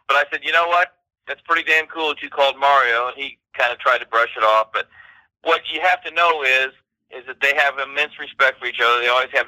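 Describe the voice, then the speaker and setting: A man co-hosting a casual podcast chat, telling anecdotes in a lively way with quoted voices. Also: medium pitch, no room sound, poor audio. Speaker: co-host.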